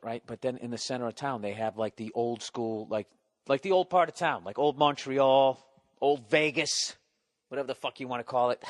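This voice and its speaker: A man's voice: mid-range voice, no room sound. A man with a Boston accent tells a story on his own podcast. He rambles, mocks himself and swears freely. His mid-range voice is close and dry, with no room sound around it. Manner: profane, rambling, self-mocking. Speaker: podcast host. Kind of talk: casual storytelling monologue.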